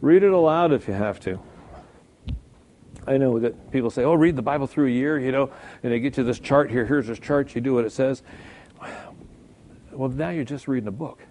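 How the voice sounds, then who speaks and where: A man's voice: medium pitch, normal speed, pauses often, a little mellow. A middle-aged male pastor preaching a sermon in a conversational way, often checking in with the congregation.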